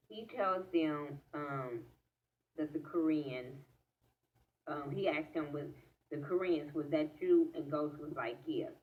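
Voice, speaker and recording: Low-voiced woman excitedly recapping an episode. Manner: excitable, profane, talks straight to viewers. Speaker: TV episode reviewer. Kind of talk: casual recap vlog. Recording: tinny phone-like audio from off-mic.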